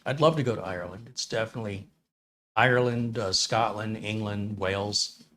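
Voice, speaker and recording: A man with a fairly low voice hosts a casual tech livestream. He chats easily with his viewers and reads out their comments. His delivery is loose and rambling, and he often thinks aloud. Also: moderate pace, a bit bright, a little hiss or hum.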